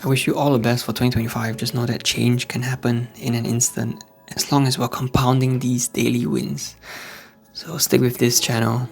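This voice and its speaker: A Singaporean man with a gravelly edge to his voice talks in a hushed, quiet way, like someone keeping his voice down indoors at night. His pitch sits in an ordinary middle range. Faint music plays softly behind him. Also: little pitch movement, normal speed. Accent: Singaporean English. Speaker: host of a faith-based channel for men. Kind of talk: casual motivational vlog talk. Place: at home indoors late at night. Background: faint background music.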